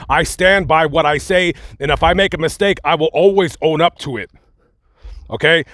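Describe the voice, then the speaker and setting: A man hosting a heated commentary video, blunt and emphatic, speaking angrily with halting restarts. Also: a little high, a bit bright, dry recording. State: angry and upset. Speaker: YouTube commentary host. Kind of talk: heated direct-to-camera commentary.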